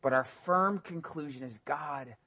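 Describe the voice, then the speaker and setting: A young adult man preaching a sermon, animated, often dropping to a soft voice and rising loud when he voices the psalmists' cries. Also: fairly high pitch, a little slow, gravelly, husky. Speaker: pastor.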